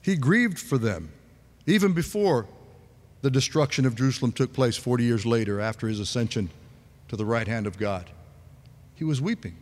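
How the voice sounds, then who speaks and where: A man preaching a sermon in a relaxed conversational way, asking the congregation questions. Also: mid-range voice, normal speed, long pauses, big-room sound. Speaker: pastor.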